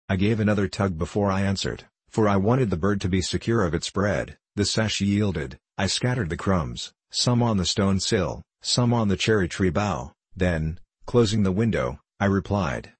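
A man narrating a classic novel in a measured, formal reading. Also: low voice, lively intonation, slightly rough, no room sound. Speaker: audiobook narrator.

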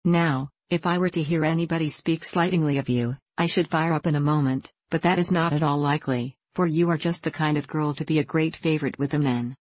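A woman's voice: sits low, steady tone, a little fast, hardly any pauses, darkish tone, no room sound. A woman reading aloud, voicing a gushing, effusive young woman in an audiobook.

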